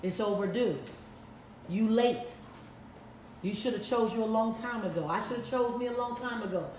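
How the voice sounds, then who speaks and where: A woman speaker delivers a live motivational talk in a fairly high voice, repeating her lines with preacherly emphasis. She sounds a little far from the mic, and the room gives her voice a clear echo. A faint hum sits behind her. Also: moderate pace, darkish tone. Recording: echoey room, mic at a distance.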